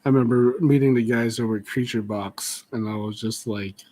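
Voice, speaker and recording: A man hosting a casual art podcast, chatty and quick to laugh, often trailing off mid-sentence. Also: medium pitch, steady tone, warm tone. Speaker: podcast host. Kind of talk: casual chat.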